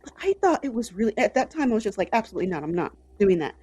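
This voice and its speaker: A young adult woman co-hosting a podcast, telling a personal story in a casual, animated way. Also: mid-range voice, rapid-fire, breathy edge. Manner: animated, lots of fillers and quoted inner voice. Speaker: podcast co-host.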